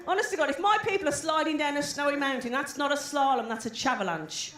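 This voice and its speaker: Brash high-voiced West Midlands comedian. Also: female voice, expressive, fast, few pauses. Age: 40s. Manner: brash, swearing, teasing the crowd. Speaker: stand-up comedian. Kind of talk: live stand-up with crowd work. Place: comedy gig venue. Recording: echoey live room with background noise.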